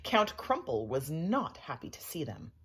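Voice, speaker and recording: A woman tells a children's story aloud in an expressive, playful way. Her voice is lowish and breathy, slow in pace, with wide swoops of pitch.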